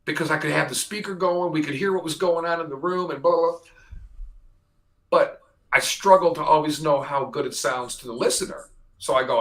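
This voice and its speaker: A man's voice: on the high side, a little fast, a bit bright, low-quality recording. A man hosting a radio show in casual, joking studio chat, chatty and exaggerating for laughs. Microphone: studio microphone.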